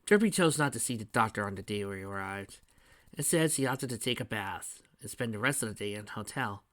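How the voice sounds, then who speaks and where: A man reading his fan fiction aloud in the first person, plain and steady. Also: lowish voice, fairly quick, dry recording. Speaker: narrator.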